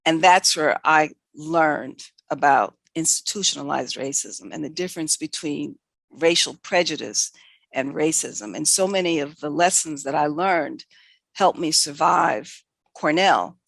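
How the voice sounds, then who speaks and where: An older woman from New York City, a veterinarian guest telling candid, animated stories from her career with lots of quoted dialogue. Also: low-pitched, a little slow, gravelly, dry recording. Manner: animated, self-correcting anecdotes with quoted dialogue. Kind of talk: candid conversational storytelling.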